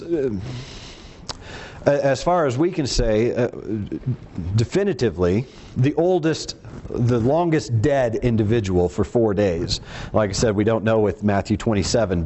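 A man's voice: mid-range voice, darkish tone, slight background noise. A man preaching a teaching sermon in a conversational way, acting out the quoted lines in voices of their own.

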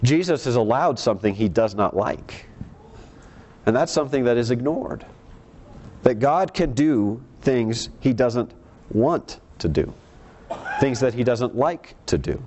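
A man preaching a sermon, reading scripture verses aloud and explaining them earnestly, slowing down on key words. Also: darkish tone. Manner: slows for emphasis, varied pitch.

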